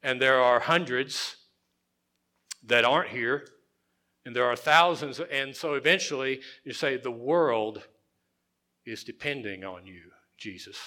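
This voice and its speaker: Bright-voiced male pastor preaching. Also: medium pitch, measured pace, pauses often. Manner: conversational preaching, dropping to quiet emphasis, repeats phrases. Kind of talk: sermon.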